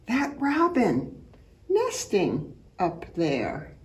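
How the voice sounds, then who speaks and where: Lively woman slowly reading to kids. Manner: animated storytelling, imitating bird calls in high loud chirps. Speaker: children's art program teacher reading aloud. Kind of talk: reading a picture book aloud to children.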